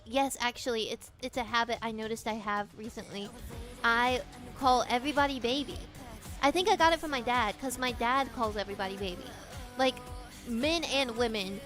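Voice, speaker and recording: A woman's voice: a little high, normal speed, fairly bright tone, faint music behind. A woman streamer chatting casually with her viewers, rambling and laughing often. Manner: giggly, rambling, playful.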